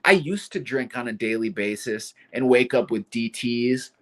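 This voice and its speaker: A man's voice: medium pitch, moderate pace, pitched below the performer's own voice, natural voice. A man doing a mocking impression of a boastful woman who used to drink heavily, repeatedly insisting on herself. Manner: mocking, defensive, insists "okay?".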